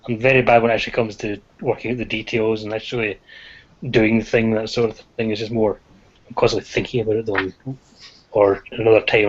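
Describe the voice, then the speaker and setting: Male participant, video call, reflective and understated, muffled lo-fi sound. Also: fairly low pitch. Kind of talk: casual online group discussion. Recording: dull lo-fi call audio.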